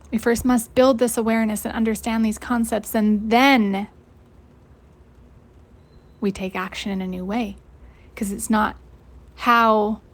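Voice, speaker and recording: A young adult woman hosting a motivational coaching lesson, casual and energetic, swearing freely and laughing often. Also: a little high. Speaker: host and life coach.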